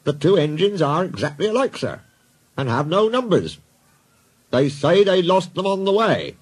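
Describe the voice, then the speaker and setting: A man's voice: sits high, sing-song, moderate pace, breathy edge, pitched above the performer's own voice, exaggerated voice. A man voicing a dutiful railway inspector who answers formally and deferentially.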